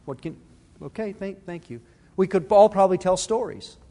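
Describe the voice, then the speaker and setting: A man's voice: sits high, animated, normal speed, mellow, long reverb tail. A middle-aged man preaching a sermon, earnest and conversational, restarting his phrases as he talks. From Arizona. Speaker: pastor.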